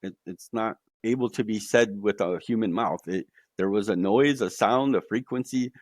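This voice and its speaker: A man's voice: fairly low pitch, moderate pace, dry recording. A man guest on a podcast, telling a personal story in an earnest, emphatic way, often saying "literally" and "like".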